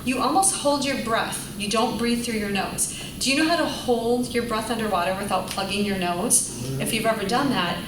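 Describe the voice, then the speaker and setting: A woman's voice: on the high side, normal speed. A woman teaching a choir class, explaining and singing examples in an encouraging way. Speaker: vocal coach. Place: church rehearsal room. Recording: echoey room from far off, noisy.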